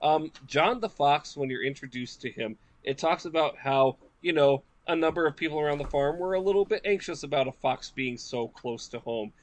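A man's voice: on the high side, normal speed, hardly any pauses, no room sound. A man co-hosting a casual book discussion, talking with frequent hesitations and restarts. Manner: hesitant, many restarts and fillers.

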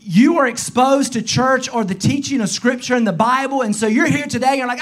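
A young adult pastor with a Southern US accent preaching a sermon, emphatic and repetitive, swinging from soft, low passages to shouted calls. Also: brisk, hardly any pauses. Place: church sanctuary.

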